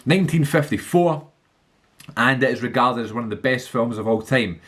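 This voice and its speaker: A man in a casual vlog who chats eagerly and rambles, full of fillers and restarts. His pitch sits in an ordinary middle range. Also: moderate pace, fairly bright tone. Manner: enthusiastic. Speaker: film vlogger. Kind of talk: casual movie list monologue.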